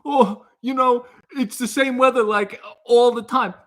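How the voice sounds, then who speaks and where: A man putting on a breezy, drawling voice as a laid-back male movie star on a road trip, pitched well above his own. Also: fairly even intonation, a little slow, a bit bright.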